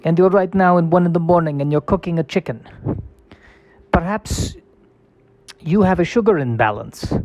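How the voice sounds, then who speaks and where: Man doing a heavy Russian accent, doom-laden, slow, ominous, deadpan, pitched up. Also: no room sound, natural voice.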